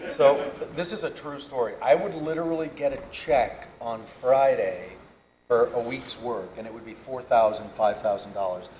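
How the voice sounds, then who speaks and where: A man in his fifties spins animated, wandering anecdotes as a panel guest at a convention. His voice carries an echo from a large hall, with a faint murmur of ambience behind it. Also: medium pitch, slight background noise. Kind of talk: storytelling on stage.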